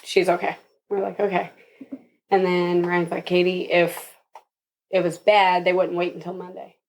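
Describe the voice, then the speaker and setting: A woman's voice: fairly low pitch, moderate pace. Laughing young woman telling a birth story. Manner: animated, laughing often, acts out others' lines. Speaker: podcast guest. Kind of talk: casual storytelling.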